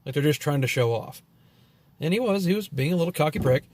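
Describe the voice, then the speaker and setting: A man's voice: on the high side, lively intonation, fast, a little mellow, no echo. A man telling a long story as a vlogger in a casual, profane rant that rambles and is full of "you know" and "like".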